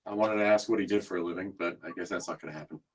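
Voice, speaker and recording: A man playing a tabletop game, chatting in a quick, joking way. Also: low-pitched, fairly even intonation. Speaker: player. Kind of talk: casual tabletop game chat.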